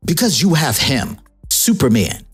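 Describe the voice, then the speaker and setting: A steady, reasoning male hero from a comic story, put on by a woman retelling it. The voice sits low and a little husky. It stays patient and level, like a strategist laying out a plan. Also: unhurried, faint music behind, exaggerated voice. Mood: earnest. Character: gruff Batman, a calm male strategist.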